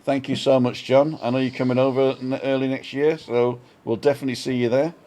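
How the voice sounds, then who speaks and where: A man's voice: mid-range voice, flat delivery, fairly quick, mellow. An older man co-hosting a casual live-stream vlog chat, rambling through stories with chuckles and self-mocking asides. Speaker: vlog co-host. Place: home balcony.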